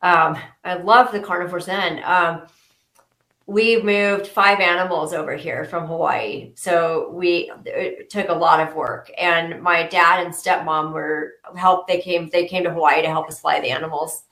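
A woman speaking as a guest in a casual interview chat, earnest and slow with frequent pauses and restarts. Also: lowish voice, steady tone, a bit bright. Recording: echoey room.

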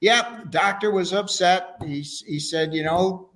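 A man putting on the higher, eager voice of a cheerful, heavyset middle-aged man while retelling a chat. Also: slow pace, a bit bright.

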